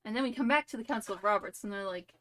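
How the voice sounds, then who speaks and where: A woman's voice: medium pitch, very fast, fairly bright tone. A young woman streamer telling a rambling, playful made-up story full of "like" and "you know".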